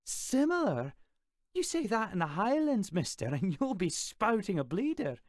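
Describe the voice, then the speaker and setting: A man reading an audiobook, voicing a spirited, teasing Scottish teenage girl who is quick to take offense. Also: high voice, very animated, no echo, clean studio sound, pitched above the performer's own voice. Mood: indignant. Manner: indignant, teasing, raised girlish voice. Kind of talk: audiobook character voice.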